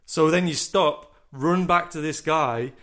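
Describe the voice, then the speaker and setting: A man's voice: a little high, measured pace, a bit bright. A young man co-hosting a casual podcast, telling a long rambling story with casual swearing. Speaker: podcast co-host.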